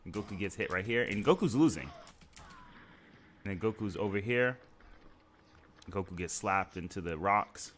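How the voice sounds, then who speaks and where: A man's voice: fairly low pitch, expressive, moderate pace, pauses often, a bit bright, slight background noise. A man hosting a live stream, talking through scenes one by one in a casual, conversational way with fillers. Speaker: stream host.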